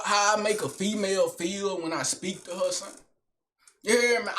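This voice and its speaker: Young man, vlogger, casual comedic monologue, slangy, rambling, animated, high-pitched.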